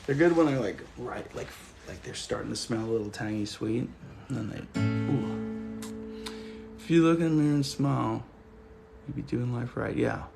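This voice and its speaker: A man's voice: medium pitch, moderate pace, gravelly, long pauses, over music. A man hosting a casual livestream, chatting loosely and joking while reading comments. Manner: laid-back, joking, chatty. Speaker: livestream host.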